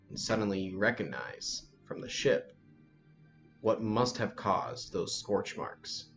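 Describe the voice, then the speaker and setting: A man on the low side of the vocal range runs a tabletop role-playing game as its game master, narrating slowly and descriptively in the second person. Faint music plays behind him on the lo-fi recording.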